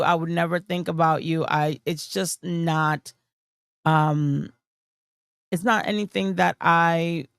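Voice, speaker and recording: A woman's voice: low voice, gravelly, a bit bright, dry recording. A woman streamer giving blunt, dismissive commentary on a livestream, full of fillers and restarts. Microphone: streaming mic on camera.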